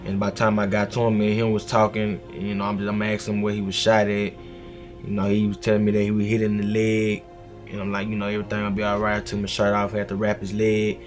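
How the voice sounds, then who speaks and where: A man's voice: fairly low pitch, monotone, fast, soft background music. A man, recounting events plainly and steadily in a documentary interview. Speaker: interviewee, brother of a shooting victim.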